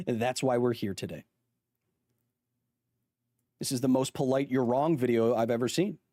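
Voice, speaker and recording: A man's voice: mid-range voice, expressive, a little slow, dark tone, dry recording, studio quality. A man in his thirties hosting a live stream, chatting casually and jokingly and reading out viewer comments. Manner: playful, joking, reads chat aloud. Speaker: host.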